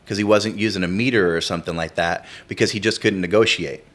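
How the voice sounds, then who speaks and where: A man talking as a podcast guest, relaxed and agreeable, often chiming in with "yeah.". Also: low voice, fast talker. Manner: laid-back, agreeable, lots of "yeah". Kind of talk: casual podcast chat.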